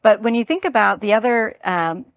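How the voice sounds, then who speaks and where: A woman's voice: medium pitch, normal speed, vocal fry, dry recording, studio quality. A woman hosting an interview, asking long, winding questions in a friendly way. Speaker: podcast host, interviewer. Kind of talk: conversational interview.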